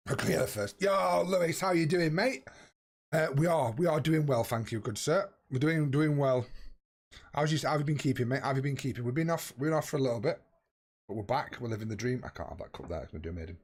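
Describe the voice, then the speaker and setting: A man's voice: medium pitch, fast talker, a little mellow, breathy edge. A young man chatting casually with viewers during a live game stream, greeting them by name and swearing freely. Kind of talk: casual live-stream chat while playing.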